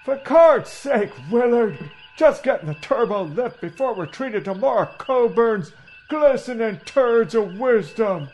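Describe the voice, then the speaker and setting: A man voicing an exasperated, grumpy male first officer who grumbles slowly and irritably in a comedy audio parody. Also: extremely high pitch, animated, darkish tone, exaggerated voice. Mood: irritable.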